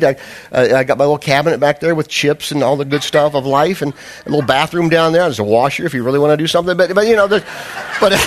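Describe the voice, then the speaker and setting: A pastor with a slightly high voice preaches a sermon, opening with a humorous, self-deprecating personal story. He then presses his point with earnest, fervent emphasis.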